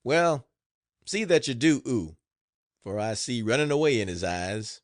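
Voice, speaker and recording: A man's voice: mid-range voice, big pitch swings, unhurried, no echo, clean studio sound. A man voicing a suspicious old male plantation master, grumbling out warnings in an audiobook reading.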